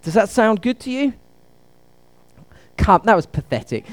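A man's voice: high-pitched, very animated, takes it slowly, long pauses, no room sound. A man preaching a conversational sermon at a church service, asking the congregation questions.

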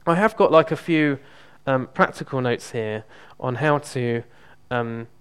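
A man preaching in an easy, conversational tone. His voice sits at an ordinary middle pitch, and he often pauses with "um" and backs up mid-phrase as he tells his story. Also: smooth. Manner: relaxed, hesitant, frequent ums and restarts. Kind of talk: conversational sermon with personal testimony.

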